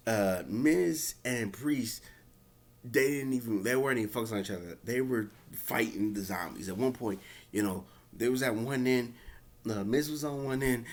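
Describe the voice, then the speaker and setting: A man casually recapping and reviewing a wrestling show, rambling with many fillers. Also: mid-range voice. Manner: rambling, lots of fillers, acts out quotes.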